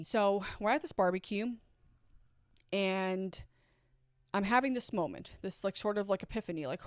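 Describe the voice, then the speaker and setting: A woman in her forties telling her own story earnestly, swinging from loud urgency to hushed asides. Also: medium pitch, moderate pace, pauses often, dry recording, clean studio sound. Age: 40s. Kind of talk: confessional storytelling.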